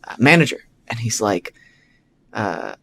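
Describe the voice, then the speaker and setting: A male podcast host telling a story in a casual, animated way, acting out his own thoughts and filling gaps with "like" and "you know". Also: on the low side, measured pace, creaky. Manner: frequent "like" and "you know" fillers.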